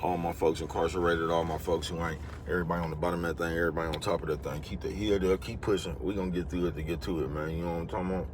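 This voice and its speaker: Fast-talking low-voiced man, rambling and slangy. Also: fairly even intonation, background noise. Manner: rambling, slangy, repeats catchphrases. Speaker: vlogger. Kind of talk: casual motivational monologue.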